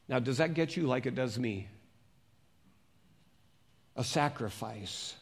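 A man preaching as a pastor, reading scripture slowly and turning to the congregation with conversational questions. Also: medium pitch, animated, vocal fry, husky. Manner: reads scripture slowly and deliberately.

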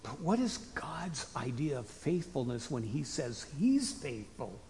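A man preaching a conversational sermon to his congregation in a folksy way, rising to emphatic bursts and dropping to quiet asides. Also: mid-range voice, sing-song, measured pace, slight background noise. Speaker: pastor. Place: church sanctuary. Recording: long hall reverb.

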